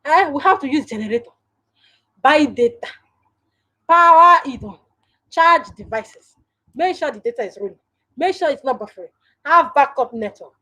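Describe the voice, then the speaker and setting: A woman's voice: high-pitched, expressive, normal speed, pauses often, pushed and bright, low-quality recording. A woman with a Nigerian English accent hosting a casual live stream from home, chatting directly to viewers and laughing often.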